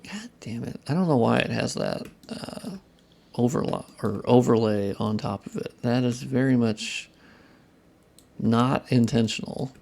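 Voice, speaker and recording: Gravelly-voiced young man streaming casually. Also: mid-range voice, measured pace, darkish tone. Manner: profane, self-deprecating muttering to chat. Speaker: modding streamer. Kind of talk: casual live-stream chat while working.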